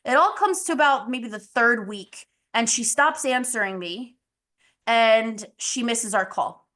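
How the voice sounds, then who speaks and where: A woman's voice: fairly high pitch, lively intonation, unhurried, fairly bright tone. A woman health coach in a casual monologue, candid and blunt, laughing often and swearing casually.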